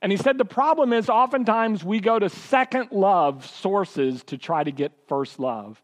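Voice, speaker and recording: A pastor preaching a sermon, telling stories and acting out the voices of the people in them. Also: male voice, high-pitched, expressive, a little slow. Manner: storytelling, acting out quoted voices.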